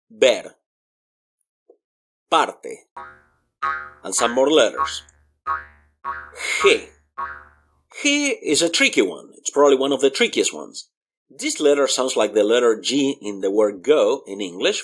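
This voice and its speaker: A man teaching a video language lesson, sounding out each letter slowly and repeating the example words. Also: mid-range voice, slightly rough. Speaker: Spanish teacher.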